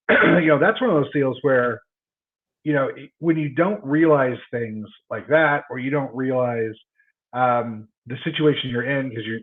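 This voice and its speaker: Man on a tinny phone-like line. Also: mid-range voice. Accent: Texan. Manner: storytelling, many repeated word starts. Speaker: chiropractor guest. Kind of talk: casual podcast conversation.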